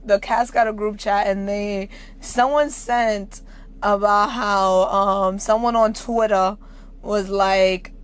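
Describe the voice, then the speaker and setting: A woman's voice: medium pitch, fairly even intonation, slow, smooth. A woman with a New York accent chatting as a guest actor, blunt and brash, laughing often and swearing freely. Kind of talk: casual chat.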